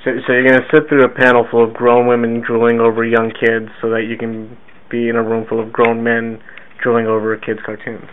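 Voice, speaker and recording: Man, podcast co-host, dry teasing sarcasm, quick talker, flat monotone delivery, tinny phone-like audio. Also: mid-range voice, slight background noise. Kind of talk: casual chat.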